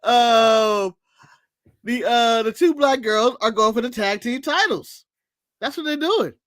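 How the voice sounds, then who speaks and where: Male podcast co-host, high bright voice, dry close sound, blunt and jokey. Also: takes it slowly, dry recording. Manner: blunt, joking, swears freely. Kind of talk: casual wrestling podcast chat.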